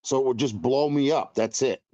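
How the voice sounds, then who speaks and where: A man's voice: medium pitch, moderate pace, warm tone, dry recording. A man chatting as a guest on a livestream, blunt and laughing often. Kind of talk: casual chat.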